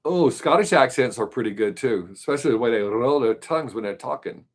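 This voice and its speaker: A man's voice: mid-range voice, animated, brisk. Chatty man rambling on a live stream. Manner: rambling, thinks aloud, trails off. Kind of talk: casual chat answering viewer questions.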